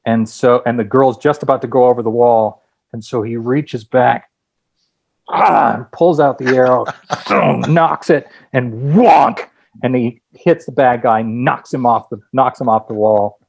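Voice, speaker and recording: A man who is a guest screenwriter and director, telling lively anecdotes with many restarts in a casual interview. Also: mid-range voice, unhurried, vocal fry.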